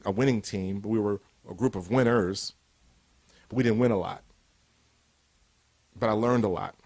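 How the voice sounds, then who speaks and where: Emphatic motivational speaker, a man. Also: medium pitch. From Cleveland, USA. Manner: emphatic, repetitive rhetorical build-ups. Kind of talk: recorded motivational speech.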